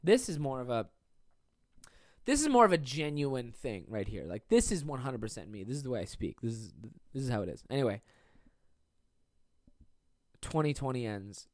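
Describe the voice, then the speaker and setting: A man's voice: mid-range voice, sing-song, moderate pace, pauses often, dry recording. Young male comic hosting solo podcast; rambling, swears constantly, self-deprecating; dry close sound. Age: 20s. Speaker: podcast host and stand-up comedian. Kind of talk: casual solo podcast monologue.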